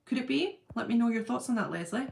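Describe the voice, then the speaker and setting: A woman's voice: fairly high pitch, lively intonation, quick pace, gravelly, slight background noise. A middle-aged woman hosting a live chat, talking casually and reading out viewer comments, rambling and laughing often. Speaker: livestream host.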